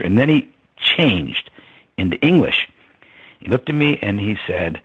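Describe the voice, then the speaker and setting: An older man with a husky voice, reflectively telling a story as an interview guest. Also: on the low side, sing-song, a little slow, long pauses. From United States. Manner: reflective, with many ums and soft laughs. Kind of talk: storytelling in conversation. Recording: dull lo-fi sound.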